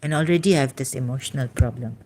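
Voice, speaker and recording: A woman talking emotionally on a livestream as an ex-Muslim commentator, halting and searching for words, mixing English with Hindi. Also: rumbling low, a little mellow, slight background noise. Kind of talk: emotional livestream talk answering questions.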